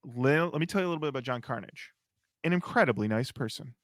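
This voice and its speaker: A man co-hosting a podcast, telling a story in a lively, animated way. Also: medium pitch, fast talker, no room sound, studio quality. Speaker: podcast co-host. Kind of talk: casual chat.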